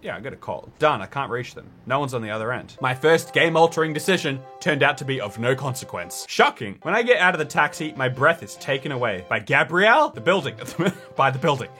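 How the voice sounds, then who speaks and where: Sarcastic guy reading a story game out loud, bright lively voice, bouncy, faint music behind. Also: mid-range voice, a little fast. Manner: sarcastic, animated, mocking the script. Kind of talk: let's play commentary.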